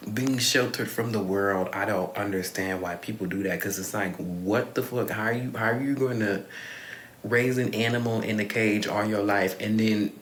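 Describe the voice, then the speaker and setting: A man's voice: on the low side, steady tone, moderate pace, fairly bright tone, a little hiss or hum. A young man talking candidly in a rambling confessional vlog, swearing freely and sighing often. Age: young adult. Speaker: vlogger. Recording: echoey room.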